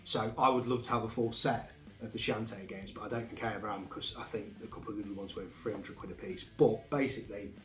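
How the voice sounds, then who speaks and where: A man chatting casually about his game finds, relaxed and rambling with fillers. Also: lowish voice, fast talker, hardly any pauses. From England. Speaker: game collecting vlogger. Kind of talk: casual chat. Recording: echoey room, faint music behind.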